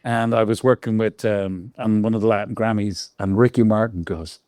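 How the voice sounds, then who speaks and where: An Irish man in his sixties, a guest on an interview show, telling lively stories full of laughs and quoted voices. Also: fairly low pitch, moderate pace, no room sound, studio quality. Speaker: guest lighting designer. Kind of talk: casual interview storytelling.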